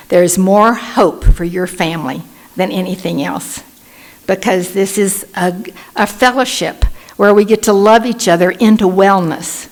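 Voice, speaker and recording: Gravelly older Texan woman telling stories. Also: medium pitch. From Texas. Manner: warm storytelling, animated when quoting others. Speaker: Al-Anon speaker. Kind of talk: personal recovery talk. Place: meeting room.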